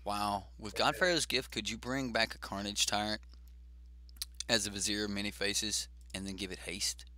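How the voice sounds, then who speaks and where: A man's voice: lowish voice, steady tone, moderate pace, pushed and bright, no echo. A man hosting a card game stream, chatting casually and thinking aloud with fillers as he plays. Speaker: host.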